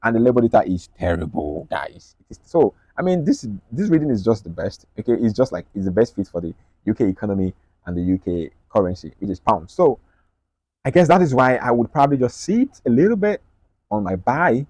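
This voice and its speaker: Fast-talking man breaking down charts. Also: medium pitch, animated, darkish tone, dry recording. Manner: rapid, repetitive, checks in with "right?" and "okay?". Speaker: trading analyst. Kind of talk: screen-share market analysis.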